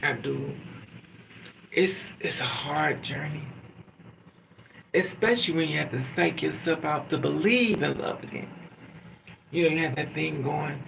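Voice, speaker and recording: A man with a slightly high, gravelly voice rambles through a casual vlog monologue, swearing freely and acting out the people in his stories. He sounds set back from the microphone, with loud noise behind him. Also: moderate pace, long pauses. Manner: rambling, profane, animated storytelling. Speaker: vlogger. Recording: distant mic with loud background noise.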